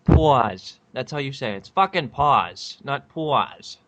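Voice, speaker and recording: A man's voice: mid-range voice, big pitch swings, moderate pace, pushed and bright. A man with a Boston accent talking on a casual podcast, blunt and crude. He mocks his friend by mimicking his pronunciation, swearing as he goes. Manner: mocking, crude, mimics the other's speech.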